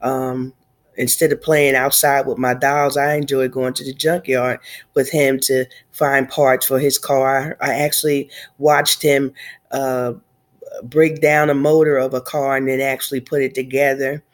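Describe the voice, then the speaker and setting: A woman in her fifties, slightly nasal from a cold, speaking haltingly through grief in a personal video diary. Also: rumbling low, flat delivery. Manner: tearful, halting, reflective. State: congested from a cold. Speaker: vlogger.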